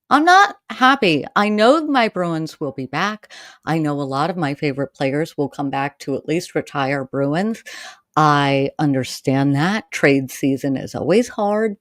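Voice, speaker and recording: A woman from Maine hosts her own podcast in a loose, rambling chat, speaking directly to the listener and turning heated and exasperated when she rants. Her voice sits fairly low and moves at an unhurried, drawn-out pace. The recording is dry and close, with no room sound around it. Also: no echo. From Maine, USA. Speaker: podcast host. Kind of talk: casual solo podcast chat.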